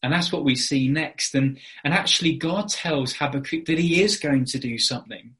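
Earnest man preaching, slightly high voice. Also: normal speed, a bit bright. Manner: earnest, explanatory, with frequent fillers. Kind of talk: sermon.

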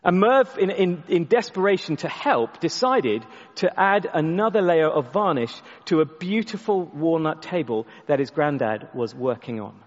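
A man preaching a sermon, telling a story and often restarting his words, sometimes dropping his voice very soft for emphasis. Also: a little high, animated, moderate pace, few pauses, in a large hall, dull audio. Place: church.

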